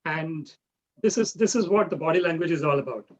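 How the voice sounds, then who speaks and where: A man's voice: a little high, brisk. A man leading an online public speaking workshop, explaining step by step and often checking in with "right?". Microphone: video call. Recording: dull lo-fi video call audio.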